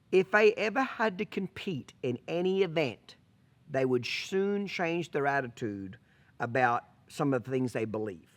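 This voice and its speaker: A man who trains horses, talking bluntly and with profanity to the camera, repeatedly checking "okay?". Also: a little high. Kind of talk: casual monologue to camera.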